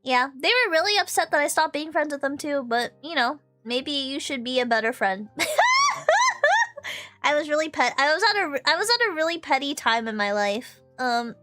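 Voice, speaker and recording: A young adult woman streaming, chatting casually and telling stories with lots of laughter. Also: sits high. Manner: animated storytelling, frequent laughter. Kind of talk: casual chat.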